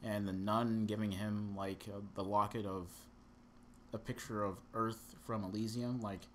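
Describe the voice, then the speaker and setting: A man's voice: fairly low pitch, level tone, unhurried, a bit bright, slight background noise. A young man co-hosting a casual podcast, rambling and sarcastic as he talks through a movie plot. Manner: rambling, sarcastic, lots of fillers. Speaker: podcast co-host reviewing a movie.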